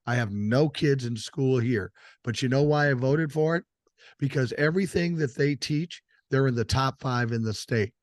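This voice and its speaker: A man's voice: medium pitch, moderate pace, no room sound, studio quality. An older man hosting a podcast, talking politics in a blunt, emphatic, profane way. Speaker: podcast host. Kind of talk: casual political chat.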